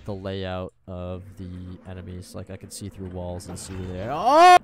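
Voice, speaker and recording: A young man commentating his own game as he plays, reacting loudly with panicked yelling, curses and laughter. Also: low voice, completely flat delivery, moderate pace, a little hiss or hum. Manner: loud, jumpy reactions, swearing and panicked yelling. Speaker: gaming YouTuber. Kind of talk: let's play commentary.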